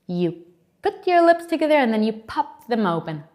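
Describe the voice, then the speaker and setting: A woman teaching English letter sounds to young children, speaking slowly and clearly, with exaggerated letter sounds and lots of encouragement. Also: fairly high pitch, sing-song, darkish tone. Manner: encouraging, repeats and invites kids to join in. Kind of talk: children's phonics lesson.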